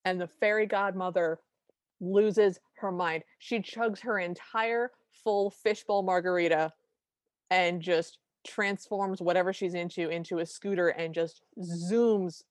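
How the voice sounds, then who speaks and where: A woman's voice: on the low side, fairly even intonation, unhurried, no echo, studio quality. Wry chatty woman podcast host. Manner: wry, chatty, detailed recaps. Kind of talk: casual chat.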